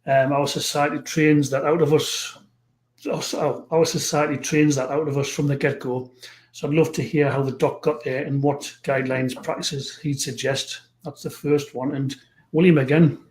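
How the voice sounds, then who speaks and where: A man hosting a live stream, chatting with a guest and reading out viewer comments in a halting, friendly way. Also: fairly high pitch, little pitch movement, darkish tone. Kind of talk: casual interview chat. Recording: roomy echo.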